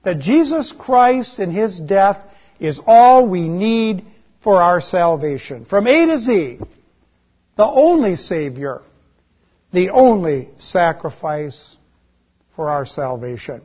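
A man preaching a sermon in a slow, deliberate way, letting his voice drop on key words. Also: high-pitched, sing-song, husky, muffled recording. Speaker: pastor.

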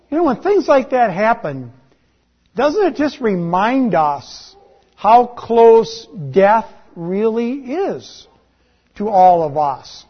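A man preaching a sermon in a slow, deliberate way, letting his voice drop on key words. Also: high-pitched, dull audio. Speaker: pastor.

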